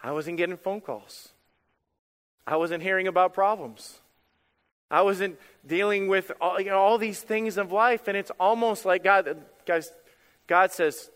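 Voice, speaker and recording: A male pastor preaching a sermon in an animated, emphatic way, repeating phrases for effect. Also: high-pitched, measured pace, long reverb tail.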